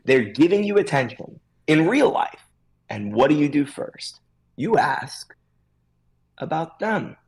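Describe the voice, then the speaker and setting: A man with a slightly raised, husky voice talks on a podcast. His delivery swings widely up and down as he coaches emphatically. He drops into quick acted-out bits of everyday conversation. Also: fairly high pitch, a little mellow, poor audio. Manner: acts out little scenes in different voices. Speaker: guest expert on social media for stylists. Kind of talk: animated podcast chat.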